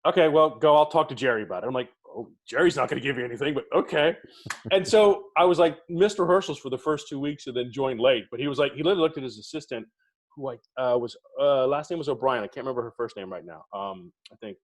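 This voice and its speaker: This middle-aged podcast co-host talks fast at medium pitch while being interviewed, spinning animated stories from the theatre. He slips into the voices of whoever he's quoting.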